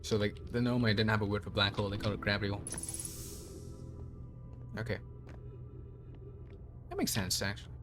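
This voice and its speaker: A young man playing a game blind, thinking aloud and reading its lore text in a measured voice. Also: fairly low pitch, little pitch movement, over music. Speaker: let's play streamer.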